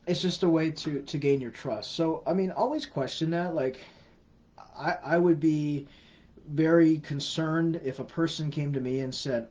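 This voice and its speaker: Man with a mellow voice on a livestream. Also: fairly high pitch, moderate pace. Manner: chatty, repeats words and restarts often. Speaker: host of a scam-awareness livestream. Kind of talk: casual livestream Q&A. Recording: slightly dull lo-fi livestream audio.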